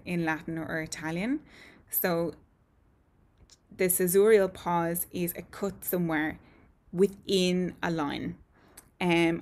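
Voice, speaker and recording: A woman explains a lesson to her viewers in a clear, methodical way. Her voice sits a little low, and she often fills gaps with ums as she works through each point. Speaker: voice and speech teacher.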